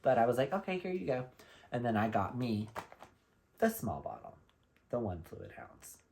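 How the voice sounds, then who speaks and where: A man from Florida telling a lively, gossipy shopping story in a casual vlog, with blunt slang. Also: fairly low pitch, normal speed, vocal fry, a little hiss or hum. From Florida, USA. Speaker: vlogger.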